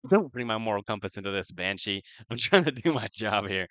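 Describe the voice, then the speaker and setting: Playful low-voiced man at the table. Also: expressive, brisk, fairly bright tone, dry recording. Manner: playful, hesitant, many fillers. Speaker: player. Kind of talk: casual tabletop role-play.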